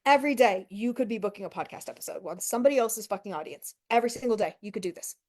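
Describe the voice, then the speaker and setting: A woman's voice: medium pitch, expressive, rapid-fire, a little mellow. A woman giving an emphatic motivational coaching talk, swearing freely and speaking straight to her viewers with rhetorical questions. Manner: rhetorical questions and frequent "okay" and "right". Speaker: business coach.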